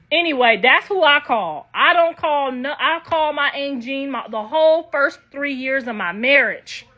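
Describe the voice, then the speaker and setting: A woman's voice: sits high, bright, forceful tone, lo-fi sound. An older woman ranting to her viewers in a brash, profane, casual way. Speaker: online commentator.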